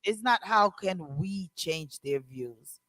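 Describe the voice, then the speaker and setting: A woman's voice: medium pitch, lively intonation, takes it slowly, fairly bright tone, low-quality recording. A woman hosting a call-in radio show, arguing her point with emphasis and repeating phrases.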